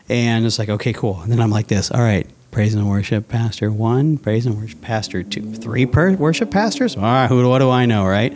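A man's voice: mid-range voice, slight background noise. Guy chatting in an interview, plain mid voice, telling a story and quoting himself with big jumps. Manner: animated, acts out his own past thoughts in quotes. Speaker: interview guest. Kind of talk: casual storytelling.

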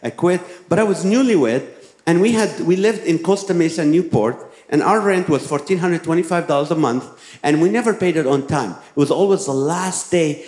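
A man's voice: on the high side, normal speed, a little mellow. A man preaching a sermon as a pastor, telling a personal story and then urging his listeners with emphatic exhortations. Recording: roomy echoing hall.

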